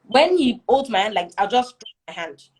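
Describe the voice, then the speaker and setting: Earnest woman, fairly high voice. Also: very animated, moderate pace, darkish tone, husky. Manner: keeps checking in with "do you see?"; earnest, reflective storytelling. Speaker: guest. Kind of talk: casual conversation.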